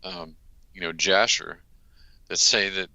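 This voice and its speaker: A man's voice: low voice, steady tone, takes it slowly, bright, forceful tone, dry recording, low-quality recording. A man answering as a guest researcher, hesitant and earnest with many fillers. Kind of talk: interview answers.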